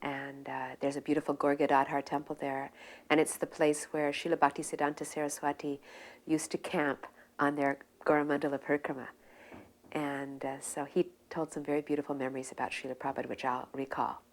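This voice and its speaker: Soft-spoken woman telling remembered stories. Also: low voice, brisk. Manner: soft-spoken, relaxed, with fillers and restarts. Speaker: devotee recounting memories. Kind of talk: reminiscing storytelling.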